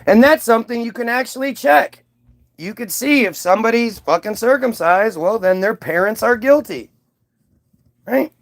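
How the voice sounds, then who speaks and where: A man's voice: very high-pitched, expressive, moderate pace, creaky. A man delivering a casual monologue, rambling, profane and mocking, with frequent asides and restarts. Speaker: commentator.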